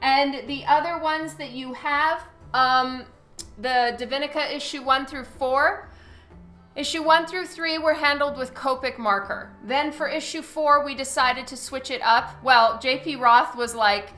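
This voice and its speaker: A woman comic artist chats through a live drawing stream, thanking viewers by name and filling pauses with ums. Her voice is bright and a little high. The room around her echoes, and soft music plays underneath. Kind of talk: casual live-stream chat while drawing. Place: studio at a light table. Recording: roomy echo with faint music.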